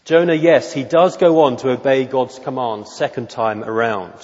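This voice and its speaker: A man preaching an expository sermon in church, measured and emphatic, often asking rhetorical questions. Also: mid-range voice, fairly even intonation, darkish tone. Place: church during a worship service. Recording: dull lo-fi recording with long hall reverb.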